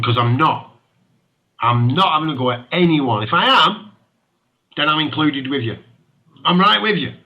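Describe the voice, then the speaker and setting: Passionate man ranting on radio. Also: mid-range voice. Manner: passionate, ranting, laughs often. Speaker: radio show host. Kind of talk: impassioned talk radio monologue. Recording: muffled lo-fi internet radio.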